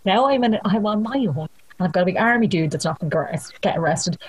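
Husky-voiced Irish woman telling a story. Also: lowish voice, fast, rough recording. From Ireland. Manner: animated storyteller acting out quotes, laughing often. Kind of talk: casual chat, storytelling.

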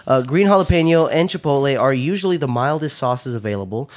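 Man reading facts haltingly on a podcast. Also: medium pitch, expressive. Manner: reads facts haltingly with uh fillers. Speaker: podcast co-host. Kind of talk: casual chat.

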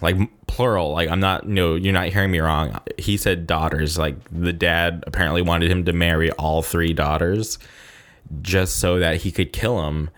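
A man's voice: deep voice, steady tone, moderate pace, fairly bright tone. A man vlogging in a loose, rambling way, leaning heavily on fillers like "like" and "you know" as he tells a story. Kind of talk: casual storytelling to camera.

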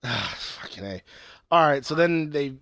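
A man's voice: fairly high pitch, animated, moderate pace, fairly bright tone, dry recording. A young man casually recapping a TV series, rambling and swearing as he acts out the characters' lines. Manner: rambling, profane, acts out quotes.

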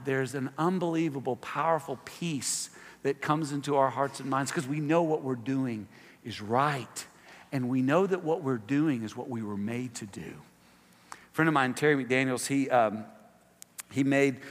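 A man preaching a sermon as pastor to a church congregation, swinging between emphatic, raised exhortations and quieter asides with fillers. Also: medium pitch. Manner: impassioned, rising to emphatic peaks, frequent fillers in asides. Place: church sanctuary. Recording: long reverb of a large hall.

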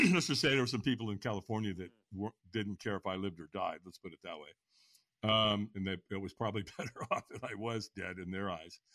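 A man in his sixties, a podcast guest, frankly telling his own story in an animated way and acting out the voices. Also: lowish voice, brisk, dry recording. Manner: animated, acts out voices and inner dialogue; frank, casual speech. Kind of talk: personal storytelling in an interview.

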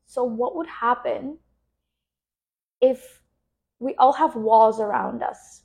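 A woman podcast host and business coach, speaking slowly and soothingly as she guides a relaxation and coaching reflection. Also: fairly high pitch, vocal fry, darkish tone, dull audio.

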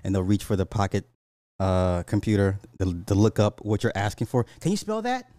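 A man from Illinois, a podcast host, ranting casually in a profane, laughing, animated way. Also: deep voice, normal speed, dry recording, clean studio sound. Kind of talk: casual comedic rant.

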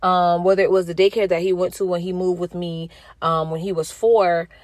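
A woman's voice: moderate pace, dry recording. A woman in her thirties, a mother, speaking earnestly and a little preachy as she gives viewers a spiritual message and her own story. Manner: earnest, preachy, talks straight to the audience; expressive, jumps into high pitch when quoting herself. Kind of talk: casual spoken testimony to viewers.

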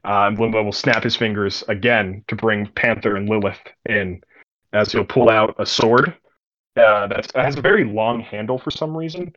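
A man's voice: on the low side, moderate pace, fairly bright tone, highs cut off. A young man narrating a tabletop game as game master, describing scenes casually and vividly with many fillers.

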